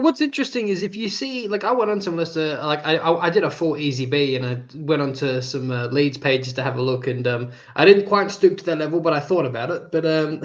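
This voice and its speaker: A man with an Australian accent, co-hosting a casual fan chat, jokey and quick to laugh. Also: a little high, muffled recording. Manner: jokey, chatty, laughs often. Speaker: co-host.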